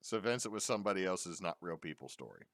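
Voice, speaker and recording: A man's voice: sits low, fast, no room sound, studio quality. A middle-aged man, co-hosting a casual chat and acting out the people in his stories. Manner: animated storyteller, acts out quotes. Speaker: podcast co-host.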